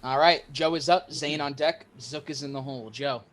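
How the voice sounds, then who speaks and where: A man running a tabletop game as game master, briskly calling turns and narrating the action casually. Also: a little high, a bit bright.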